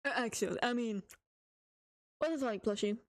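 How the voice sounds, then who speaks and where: Woman on stream reading spooky stories, kinda high voice, jokey and sweary. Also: lively intonation, a little fast. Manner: joking, giggly, swears often. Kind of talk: reading horror stories on a livestream.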